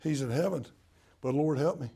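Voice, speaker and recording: An older man preaching with a Tennessee drawl, telling homespun stories with country humor. His voice is gravelly and a little husky, sitting slightly high for a man. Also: normal speed, mellow. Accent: Southern US, Tennessee. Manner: folksy storytelling, drawling and humorous. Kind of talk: sermon.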